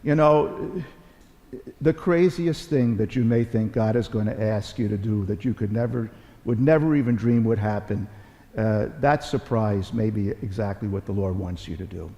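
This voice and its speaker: Man, middle-aged, Catholic bishop, folksy homily, repeats himself, mellow voice, long church echo. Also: on the low side, moderate pace. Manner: folksy storytelling, repeats phrases, self-deprecating humor. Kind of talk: conversational homily at Mass. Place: large church.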